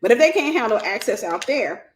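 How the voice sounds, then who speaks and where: A woman's voice: fairly high pitch, very animated, brisk, slight background noise. A woman hosting a faith-based livestream, teaching conversationally, quoting scripture and thinking aloud as she explains. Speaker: ministry host and mentor. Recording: roomy echo.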